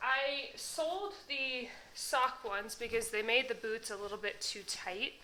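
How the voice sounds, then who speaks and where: A woman's voice: on the high side, takes it slowly, sharp tone, slight background noise, rough recording. A young woman chatting casually in a decluttering vlog, laughing often and a little out of breath. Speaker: vlogger.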